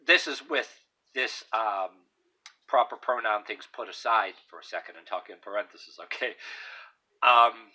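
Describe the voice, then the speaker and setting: A man talks straight to the camera in a loose, rambling opinion monologue. His voice sits a bit low but is bright and forceful, and he is blunt and emphatic, tripping over restarts and fillers as he goes. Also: measured pace, low-quality recording. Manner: blunt and emphatic, swearing now and then. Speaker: vlogger giving opinions.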